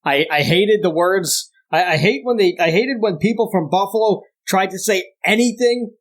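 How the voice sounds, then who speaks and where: A young man co-hosting a podcast in casual chat, ranting with exaggerated disdain and climbing higher as he gets worked up. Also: normal speed. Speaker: podcast co-host.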